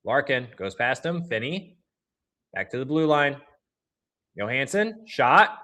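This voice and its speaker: A young livestream host with a medium-pitched voice narrates the game play by play for fans. He takes sides, and his flat delivery readily breaks into loud rants at the referees.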